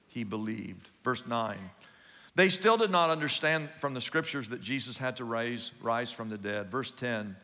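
Bright-voiced preacher in a big echoing hall. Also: male voice, mid-range voice, animated, measured pace. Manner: dramatic, swings between loud emphasis and quiet asides. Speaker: pastor. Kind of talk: sermon. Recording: long hall reverb.

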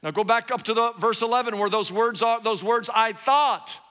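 A high-pitched, bright-toned male preacher delivering an animated sermon. He retells Bible stories with lively repetition, and his voice rings out in a large hall with a long, lingering echo. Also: moderate pace, smooth. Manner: animated storytelling, acting out Bible characters with repeated phrases. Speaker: pastor.

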